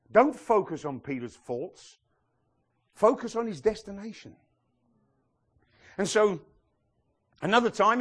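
Speaking in a voice that sits high, a middle-aged pastor delivers an energetic sermon, playing the parts of biblical characters as he narrates their stories.

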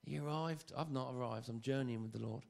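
A man preaching a sermon, lively and joking, often stammering and repeating phrases. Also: mid-range voice, fast talker, gravelly.

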